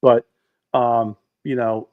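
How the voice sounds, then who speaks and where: A middle-aged man co-hosting a podcast in casual chat, telling rambling, animated stories with many restarts. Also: medium pitch, slow, phone-quality sound. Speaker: podcast co-host.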